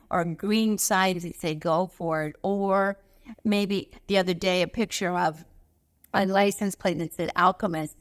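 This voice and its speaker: Animated woman giving a spiritual talk. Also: lowish voice. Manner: animated storytelling, voice lifts on key points. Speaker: spiritual teacher. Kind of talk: motivational talk.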